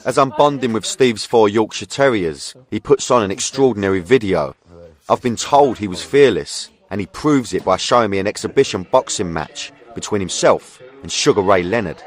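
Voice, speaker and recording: A man's voice: fairly low pitch, animated, normal speed. A man narrating a documentary in the first person, in a tense and dramatic style. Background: music.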